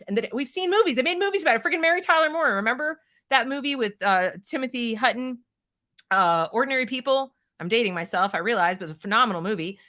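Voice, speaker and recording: A middle-aged American woman hosting an opinionated commentary show, talking in an animated, sarcastic way and reading out viewer comments. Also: fairly high pitch, quick pace. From United States. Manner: animated, sarcastic, mimics people in mocking voices. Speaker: show host.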